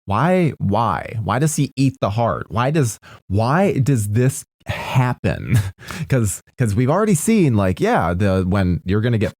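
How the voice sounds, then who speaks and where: A man's voice: on the low side, a little mellow, no room sound, studio quality. A man co-hosting a podcast in casual chat, asking exasperated, incredulous questions. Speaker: podcast co-host.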